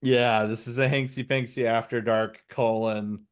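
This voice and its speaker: A man's voice: mid-range voice, flat delivery, unhurried, smooth. Sleepy rambling man co-hosting. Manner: rambling, self-deprecating, stumbling. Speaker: co-host. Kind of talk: casual comedy podcast chat.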